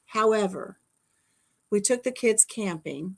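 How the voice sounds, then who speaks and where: A woman's voice: mid-range voice, moderate pace, fairly bright tone. A middle-aged woman hosting a casual chat, telling stories animatedly with shrieks, whispers and laughter. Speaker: channel host.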